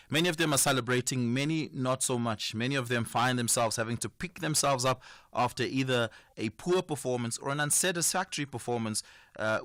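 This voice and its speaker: A man's voice: medium pitch, fairly bright tone, dry recording. Male radio host, dry studio. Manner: polite, measured interviewer. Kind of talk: radio talk show hosting. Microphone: studio microphone.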